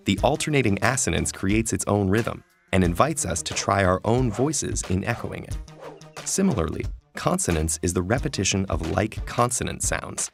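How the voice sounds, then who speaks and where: A man giving calm, measured scripted narration for an educational lesson. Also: low-pitched, vocal fry. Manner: calm, measured, slows for quoted verse. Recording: soft music underneath.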